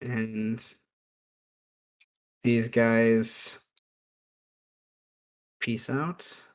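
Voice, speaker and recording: A man narrating as game master for a tabletop game, unhurried and halting with frequent fillers. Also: medium pitch, little pitch movement.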